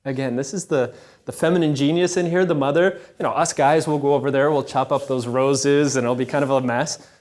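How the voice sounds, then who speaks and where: A man giving a storytelling talk at a Catholic event, conversational and animated, often checking in with the audience. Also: medium pitch, a little fast.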